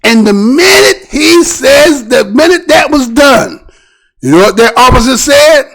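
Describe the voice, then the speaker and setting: High-pitched, animated male commentary host. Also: a little slow. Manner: animated, preachy, rhetorical questions. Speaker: show host. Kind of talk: commentary on a news video.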